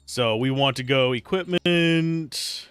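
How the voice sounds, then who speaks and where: A man's voice: mid-range voice, slow pace, clean tone, no echo. A man casually commentating his game on a live stream, chatty and joking as he plays. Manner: animated, chatty, jokey asides. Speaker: streamer playing a video game.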